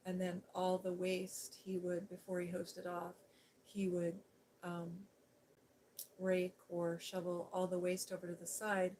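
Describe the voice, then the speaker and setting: A middle-aged woman, an ASMR host, telling a personal story in a soft, chatty way. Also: fairly low pitch, completely flat delivery, measured pace, a little hiss or hum, low-quality recording. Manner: soft-spoken, chatty with fillers. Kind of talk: softly spoken personal storytelling.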